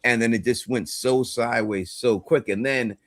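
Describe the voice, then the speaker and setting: A man's voice: medium pitch, fairly even intonation, normal speed, no echo, clean studio sound. A man on a podcast, chatting casually and acting out phone calls as he tells a story. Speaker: podcast host. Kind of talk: casual chat.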